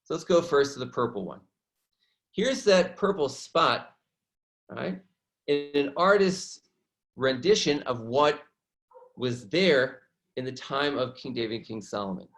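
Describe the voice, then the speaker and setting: A man teaching an online lesson from slides, animated and often checking in with listeners by asking "right?". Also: mid-range voice, measured pace. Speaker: educator.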